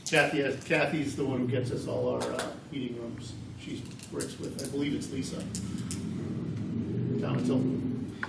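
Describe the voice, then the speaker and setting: A man's voice: medium pitch, fairly even intonation, moderate pace, gravelly, pauses often, very noisy. A man at a town committee meeting, helpfully explaining schedules and where to find the video. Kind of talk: casual committee meeting talk. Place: public meeting room. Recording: echoey room, mic from a distance.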